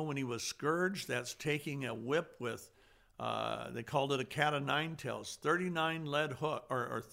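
A man preaching a sermon, earnest, rising to loud emphasis and dropping to hushed softness. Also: mid-range voice, creaky.

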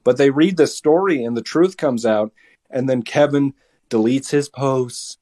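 A man's voice: mid-range voice, measured pace. Heated teenage guy telling a story. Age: teens. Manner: heated, animated retelling with many restarts. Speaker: podcast guest. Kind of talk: casual storytelling.

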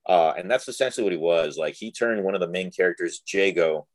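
A young man from Texas with a deep, low voice tells a story in a loose, casual way, packing his sentences with fillers. He acts out the people he quotes as he goes. The sound is dry and close. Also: fast talker, no echo. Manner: animated, filler-heavy, acts out quoted dialogue. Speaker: guest.

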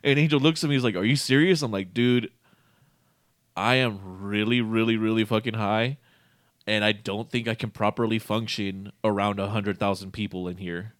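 A man's voice: fairly low pitch, normal speed, no room sound, studio quality. A man casually telling a rambling, profane story, often breaking into laughter. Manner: profane, laughing, animated retelling.

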